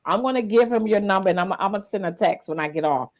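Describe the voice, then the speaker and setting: A woman hosting a casual livestream podcast, lively and emotional, teary-eyed as she talks. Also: medium pitch, quick pace. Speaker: podcast host.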